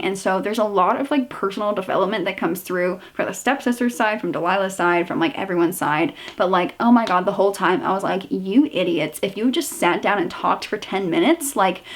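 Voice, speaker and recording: A woman reviewing books in a casual chat, talking in a chatty, filler-heavy way with an exasperated, ranting edge. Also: medium pitch. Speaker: book reviewer.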